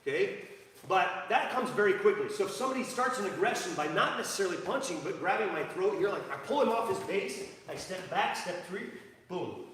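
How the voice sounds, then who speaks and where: A man's voice: sits high, expressive, fairly quick, a bit bright. A man teaching a jiu-jitsu class live, rambling with many fillers and restarts, recorded in an echoey training gym from a distance. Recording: echoey hall, from far off.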